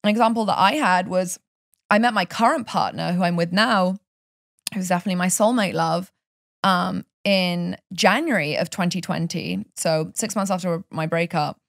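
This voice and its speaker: A passionate woman from Europe talks in a relaxed podcast chat, telling personal stories with feeling. Her voice sits fairly low, and the recording is dry and close, with no room sound. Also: moderate pace, gravelly, dry recording. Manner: passionate, animated storytelling. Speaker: life coach guest.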